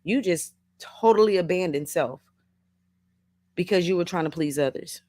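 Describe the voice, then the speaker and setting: A woman's voice: lowish voice, normal speed, warm tone. A middle-aged woman hosting a casual motivational livestream, reading viewers' comments aloud, laughing often and calling listeners baby and honey. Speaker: livestream host.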